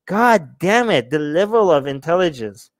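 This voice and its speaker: A man's voice: fairly high pitch, animated, moderate pace, no echo. A man hosting a livestream, mocking and exasperated as he reacts to the live chat. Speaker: livestream host. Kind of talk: livestream commentary.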